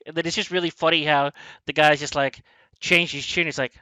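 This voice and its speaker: A man with a bright, fairly high voice talks through a film in a loose, rambling way, stumbling over restarts and breaking into quoted lines. The sound is dry and close, with no room around it. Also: a little fast, no room sound, rough recording. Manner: rambling, animated, many restarts and acted-out quotes. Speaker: movie review podcast host. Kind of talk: casual film discussion.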